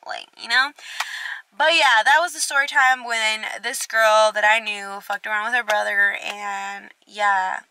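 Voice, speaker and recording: A woman's voice: medium pitch, normal speed, no room sound. A young woman vlogger telling a storytime, swearing freely and acting out both sides of the conversations. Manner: expressive, swears a lot, acts out both sides. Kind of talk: storytime vlog.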